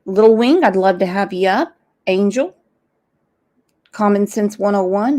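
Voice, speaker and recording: A woman's voice: mid-range voice, a little slow, long pauses, mellow. A woman hosting a true crime livestream, angry and blunt, swearing freely as she comments. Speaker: true crime channel host.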